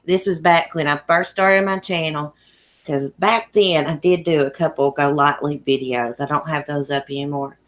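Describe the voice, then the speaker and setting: Low-voiced country woman from Virginia. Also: steady tone, moderate pace. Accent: Southern Appalachian country. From Southwest Virginia. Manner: chatty and folksy, laughs often. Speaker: YouTube livestream host. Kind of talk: casual livestream chat reading comments. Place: home in a small mountain town.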